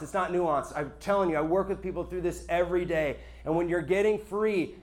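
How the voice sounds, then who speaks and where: Male pastor, high voice, emphatic talky sermon to a live room. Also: fast, few pauses. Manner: conversational, emphatic, checks in with the audience.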